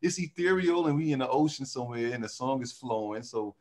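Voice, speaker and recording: A man who sings in a vocal group, telling animated stories in a casual interview and often laughing. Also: mid-range voice, a little fast. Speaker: singer in a vocal group, guest.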